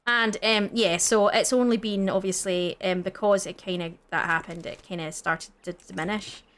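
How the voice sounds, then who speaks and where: A woman from the Scottish Highlands with a Scottish accent, co-hosting a gaming video and chatting casually, rambling with lots of fillers and restarts. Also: steady tone, moderate pace, fairly bright tone. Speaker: gaming channel co-host. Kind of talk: casual chat while gaming.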